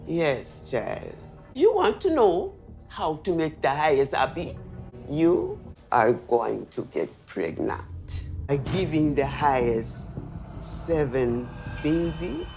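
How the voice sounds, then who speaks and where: An actress playing a commanding woman elder of a sect, speaking slowly in a TV drama clip. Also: low-pitched, big pitch swings, a little mellow, full character voice. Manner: slow, sweeping, commanding. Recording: TV clip with music behind.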